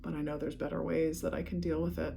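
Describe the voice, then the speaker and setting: Woman guiding a calm tapping session. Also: sits low, fast talker, gravelly, slight background noise. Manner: calm, repetitive spoken affirmations. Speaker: EFT tapping practitioner.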